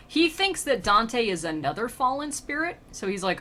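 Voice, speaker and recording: A woman's voice: mid-range voice, very animated, unhurried, pauses often, bright, forceful tone, slight background noise. A woman streamer chatting casually and rambling in slang while reading a poem aloud.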